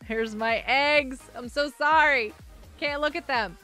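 A woman's voice: sits high, slow pace, pushed and bright, soft background music. A woman streamer chatting casually while playing a game live, giggly and greeting her viewers.

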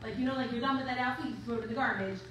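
A woman's voice: on the high side, racing, fairly bright tone, slight background noise. Distant woman in a very echoey room. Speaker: class participant. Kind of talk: casual discussion.

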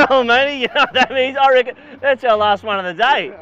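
A man's voice: very high-pitched, brisk, sharp tone, muffled recording, faint music behind. A man pranking drivers as a fake parking inspector, teasing and laughing as he repeats his lines. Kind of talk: prank vlog banter.

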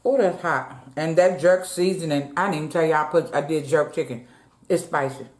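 A woman's voice: deep voice, brisk, darkish tone. Chatty woman vlogger who talks to her viewers as "y'all" and eats between sentences, echoey home room. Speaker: mukbang vlogger. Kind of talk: casual chat while eating.

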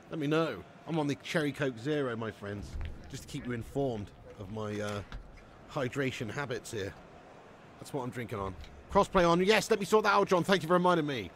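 A man's voice: a little high, expressive, normal speed, a little hiss or hum. A man chatting casually on a gaming live stream, full of slang and frequent laughs. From England. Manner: chatty, slangy, laughs often, reads out chat.

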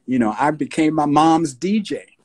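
A man in his sixties with a New York accent, a guest recalling his past in a relaxed storytelling interview. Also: fairly high pitch. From United States. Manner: slow, unhurried storyteller with husky tone, breaks into voices of radio DJs.

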